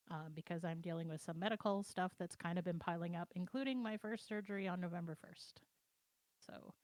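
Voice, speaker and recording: Seorang perempuan dengan suara agak rendah berbicara santai dan menjelaskan sesuatu dengan nada mengobrol. Rekamannya kering tanpa gema, seperti dari mikrofon komputer dalam panggilan suara di rumah. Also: female voice, on the low side, dry recording. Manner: relaxed, explanatory and conversational. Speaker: project co-owner and co-host. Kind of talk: casual livestream chat. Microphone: computer mic on a voice chat.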